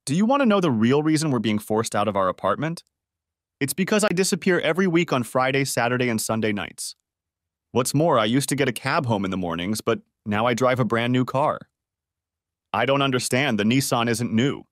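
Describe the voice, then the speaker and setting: A frank, teasing woman , voiced lightly by a male narrator, lively pitch, dry sound. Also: a little fast, no room sound, lightly acted. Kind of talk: story narration with voiced dialogue.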